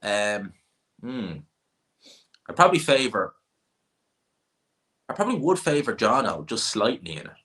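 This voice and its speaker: A low-pitched man hosting a casual livestream, reading out viewer questions and answering them offhand. He rambles, restarts and throws in quick asides without any rush. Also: sing-song, fairly bright tone. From Ireland. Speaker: livestream host.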